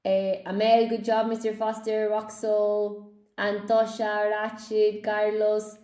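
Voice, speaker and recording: A woman's voice: medium pitch, monotone, takes it slowly, mellow, roomy sound. A woman teaching a live online English class, cheerfully praising students by name as she goes through quiz answers.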